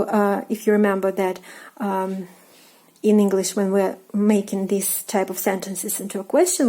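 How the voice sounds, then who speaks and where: A woman with a Russian accent teaching a language lesson, speaking slowly and carefully with many ums and uhs and repeating each example phrase. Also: mid-range voice, mellow, poor audio. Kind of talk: lesson explaining grammar while writing.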